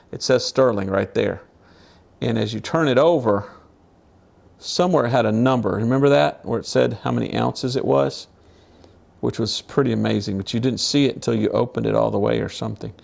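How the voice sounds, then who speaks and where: Casual gravelly-voiced man, mid pitch, chatty collector demo, self-amused asides. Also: moderate pace. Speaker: knife collector showing his knives. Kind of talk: casual demonstration vlog.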